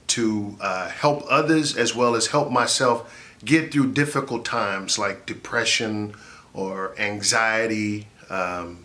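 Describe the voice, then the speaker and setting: A man, a comedian and laugh therapist, giving an animated, jokey motivational talk that rises into shouts for effect. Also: fairly low pitch.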